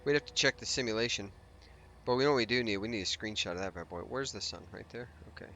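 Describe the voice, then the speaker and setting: Bright-voiced man narrating his gameplay. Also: on the low side, quick pace, a little hiss or hum. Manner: thinking aloud, rambling with restarts and asides. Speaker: let's play host. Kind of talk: casual gameplay commentary.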